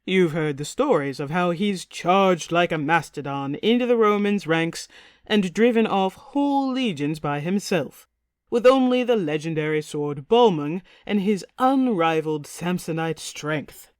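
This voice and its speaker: A woman's voice: lowish voice, lively intonation, a little slow, no echo, clean studio sound. A woman doing a boisterous tipsy king. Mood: speechmaking. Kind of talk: audiobook character reading.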